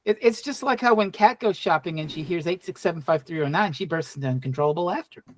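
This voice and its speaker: A woman's voice: fairly low pitch, fast, dry recording. A woman co-hosting a podcast, teasing the others playfully in casual chat. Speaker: podcast co-host.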